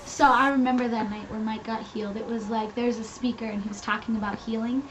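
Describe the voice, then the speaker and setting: A woman's voice: a little high, fairly even intonation, fast. A young woman from New England sharing a personal testimony in casual chat, with a chatty manner full of fillers. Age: young adult. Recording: lo-fi with loud background noise.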